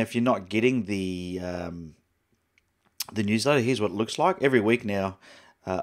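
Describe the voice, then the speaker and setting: A middle-aged Australian man hosting a photography livestream, rambling and chatty with lots of fillers and restarts. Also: sits low. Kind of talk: casual live-stream chat.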